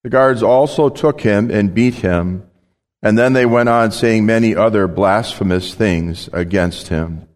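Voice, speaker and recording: A man, a pastor, reading scripture in a service in a measured prayerful way. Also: lowish voice, darkish tone, big-room sound.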